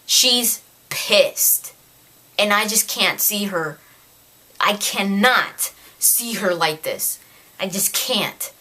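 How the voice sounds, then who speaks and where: A woman talks through a book review in a casual rant. She sounds exasperated and animated, and her voice sits at an ordinary middle pitch. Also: very slow.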